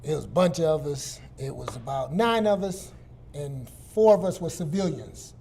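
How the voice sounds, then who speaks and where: High-voiced man telling a lively story. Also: moderate pace, creaky, slight background noise. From Detroit, USA. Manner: animated, acts out the people he quotes. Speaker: guest speaker, doctor. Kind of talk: storytelling in casual talk.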